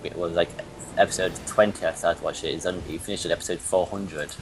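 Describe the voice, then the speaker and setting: A man's voice: sits low, steady tone, fast talker, noisy background. A young man co-hosting a casual gaming chat, blunt and sweary, often stammering on the first words. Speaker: co-host.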